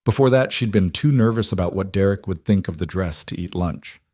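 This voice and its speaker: A man reading a scripted story with a measured, even delivery. His voice sits on the low side. The recording is dry and close to the mic. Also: dry recording. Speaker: narrator.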